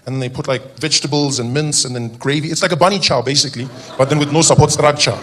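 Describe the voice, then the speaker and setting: A man's voice: on the high side, fast talker, very noisy. A man from South Africa with a South African accent, performing a stand-up comedy routine and acting out characters in funny voices. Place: comedy stage before a live audience.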